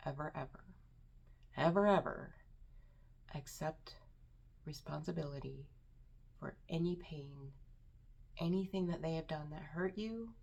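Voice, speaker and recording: A woman vlogger giving personal advice to the camera, earnest and emphatic, repeating words for stress and sometimes dropping to a hushed near-whisper. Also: low voice, vocal fry. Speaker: self-improvement vlogger.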